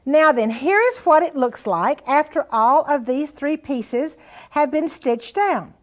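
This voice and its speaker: A woman's voice: high-pitched, expressive, takes it slowly. An older woman hosting a sewing show, demonstrating steps in a folksy, encouraging way. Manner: chatty, folksy, encouraging, says "honey" and "now then".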